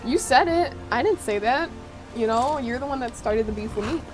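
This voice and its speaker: A woman with a slightly high voice talks casually while she streams a game. She banters with her chat and teases viewers playfully. Game music plays clearly underneath her. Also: expressive, moderate pace. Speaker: livestreamer.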